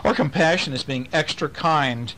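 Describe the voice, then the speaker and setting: Father reading a bedtime picture book at home, gentle, playful, sing-song delivery, faint background noise. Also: a little high, normal speed, poor audio. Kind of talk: reading a picture book aloud to his children.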